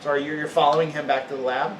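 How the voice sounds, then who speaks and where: A man narrating and refereeing a tabletop role-playing game in a relaxed, conversational way. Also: fairly high pitch, racing. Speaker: game master. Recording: echoey room, distant background noise.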